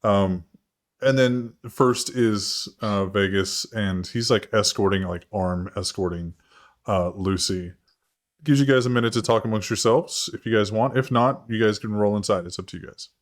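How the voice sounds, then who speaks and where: A man with a fairly low voice narrates a tabletop role-playing session as its game master. He rambles loosely from one detail to the next, filling gaps with fillers. He swears casually as he goes. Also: normal speed.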